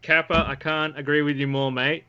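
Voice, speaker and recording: A blunt, joking man with a bright, forceful voice who swears freely. He comes through a dull, lo-fi microphone. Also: fairly high pitch, level tone, normal speed. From Australia. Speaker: stream guest. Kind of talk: casual stream chat.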